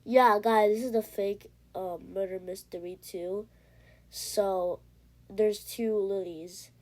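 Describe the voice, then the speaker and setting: Brief: woman gamer, slow unhurried chatter, heavy breathing, excitable and rambling, recorded on a tablet. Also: mid-range voice. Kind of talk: casual gameplay commentary. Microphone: iPad.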